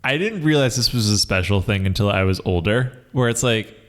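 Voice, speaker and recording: A young man talks in a loose, rambling way on a podcast and swears freely. His voice sits fairly low. The chat is casual and lively. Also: brisk. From New York City. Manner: animated, profane, rambling. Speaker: podcast co-host.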